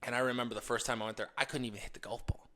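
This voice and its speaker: A man giving a motivational talk as host, telling stories with energy and shifting between hushed asides and loud emphasis. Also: medium pitch, very fast. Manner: energetic storytelling, laughs while telling stories. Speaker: podcast host.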